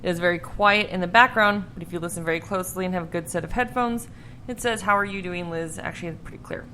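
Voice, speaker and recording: A woman's voice: lowish voice, fast, pushed and bright, a little hiss or hum. A young adult woman co-hosting a casual podcast, rambling, swearing freely and laughing at herself. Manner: laughing, profane, self-deprecating rambling. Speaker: podcast co-host.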